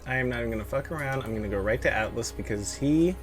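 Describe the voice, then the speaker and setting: Brief: stuffy-nosed guy mid-pitch, casual cursing commentary over soft game music. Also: fast talker. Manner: blunt, swears, thinks aloud. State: congested. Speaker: streamer playing a game. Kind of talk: casual live-stream commentary.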